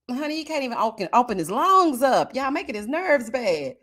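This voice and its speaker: A woman hosting a casual live stream, chatting with viewers and reading their comments, often breaking into laughter and drawn-out murmurs of agreement. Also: a little high, sing-song, a bit bright. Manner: chatty, talks straight to viewers.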